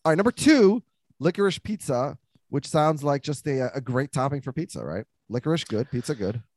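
A man hosting a podcast in casual chat, joking and teasing as he runs through a list. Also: medium pitch. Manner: joking, teasing, quick and lively. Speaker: podcast host.

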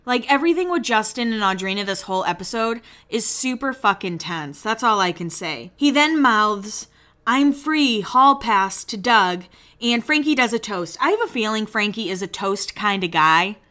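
In casual, chatty commentary, a woman recaps a reality show on her podcast, gossiping, performing quoted lines in changing voices and swearing casually at times. She speaks at normal speed in a medium-pitched, expressive voice that is pushed and bright.

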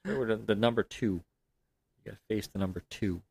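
A man's voice: fairly low pitch, fairly quick, creaky, darkish tone, husky. A man co-hosting a casual home podcast, telling stories animatedly and laughing often, close to a desk mic. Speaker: podcast co-host. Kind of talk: casual chat. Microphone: desk studio mic.

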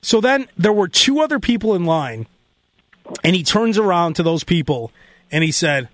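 A man tells a story on his radio show, playing out the voices of the people in it. His voice sits high, and the studio sound is dry and close. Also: moderate pace, no echo. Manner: animated, mimics people in quotes. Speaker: radio host. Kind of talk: casual storytelling chat.

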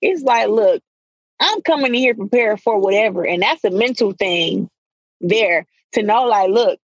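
A woman's voice: medium pitch, a little slow, husky, dry recording, dull audio. A young woman guest in an interview, telling stories bluntly and with animation, using casual slang. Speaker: guest, professional boxer.

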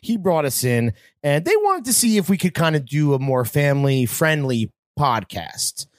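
A man co-hosting a podcast, talking in an animated, joking way and laughing often. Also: a little high, normal speed, dry recording, clean studio sound. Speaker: podcast co-host. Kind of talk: casual podcast banter.

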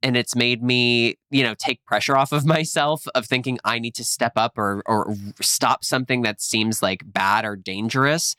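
An upbeat man co-hosting a podcast, chatting casually and cheering his co-host on. His voice sits at mid pitch. The sound is dry and close, with no room around it. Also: moderate pace, hardly any pauses, sharp tone, clear, resonant tone, dry recording.

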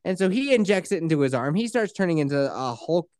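This is a podcast co-host in loose, swearing, animated chat, recapping scenes and breaking into quick voices for the characters. The voice sits at an ordinary middle pitch, recorded dry and close with no room sound. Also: no room sound. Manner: profane, animated retelling with quoted voices.

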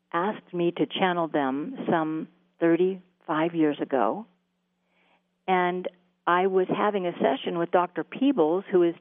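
A woman interviewed as a guest, telling a long story about her spiritual channeling in a halting way, with many fillers and restarts. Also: fairly low pitch, no room sound. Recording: phone-like line with a dry sound.

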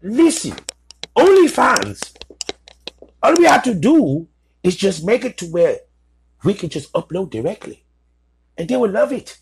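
Smug english tech bloke scheming up a site, guy putting on a bad english accent, voice jumping high and low. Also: sing-song, unhurried, creaky, long pauses, slightly rough, full character voice. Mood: mocking. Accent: put-on English. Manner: plummy British slang, mocking. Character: smug male English startup founder, scheming.

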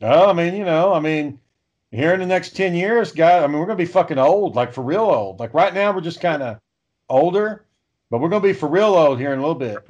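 A man's voice: fairly high pitch, animated, brisk, a little mellow. A man in his thirties chatting casually and telling rambling, profane stories. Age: 30s. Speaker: podcast co-host. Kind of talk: casual chat. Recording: dull lo-fi audio.

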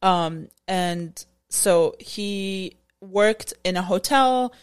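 A woman's voice: medium pitch, very slow, smooth. A young woman co-hosting a casual chat, teasing her partner and explaining things in a matter-of-fact way. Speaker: podcast co-host.

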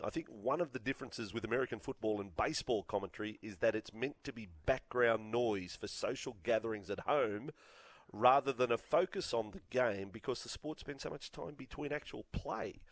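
An Australian man co-hosting a sports radio show, chatting in a casual, excitable way and laughing often. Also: mid-range voice, a little fast, dry recording. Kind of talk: casual studio banter.

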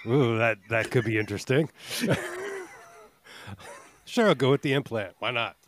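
A man's voice: medium pitch, normal speed, a little hiss or hum. A man co-hosting a casual podcast, easygoing and a bit hesitant as he weighs his answers. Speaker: podcast co-host.

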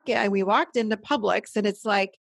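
A middle-aged woman guest explaining emotions in a conversational, animated way, acting out inner voices as examples. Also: medium pitch, moderate pace, creaky, no room sound, studio quality. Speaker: guest therapist.

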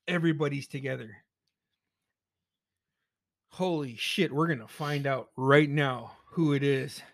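A man recapping a horror movie in casual chat, excitable and profane, acting out his own reactions. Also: on the high side, measured pace, no room sound, clean studio sound. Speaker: movie reviewer.

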